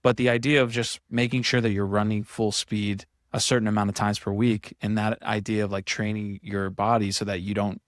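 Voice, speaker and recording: A man's voice: fairly low pitch, flat delivery, fairly quick, few pauses, no room sound, clean studio sound. A man hosting a podcast, asking long rambling questions in a casual interview. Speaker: podcast host.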